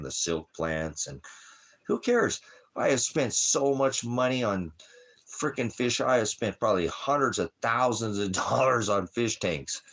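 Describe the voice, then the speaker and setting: A man's voice: deep voice, a bit bright. A man rambling casually on a livestream, talking to his viewers and his dog about fish tanks. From lived in Alaska. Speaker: livestream host.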